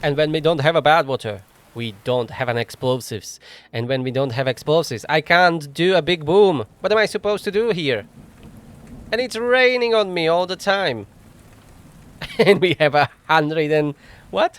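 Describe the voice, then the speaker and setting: On a desk microphone, a gaming channel host narrates a casual let's play, thinking out loud, laughing often, and ribbing himself wryly. His clean, fairly bright voice sits on the high side and moves a little slowly.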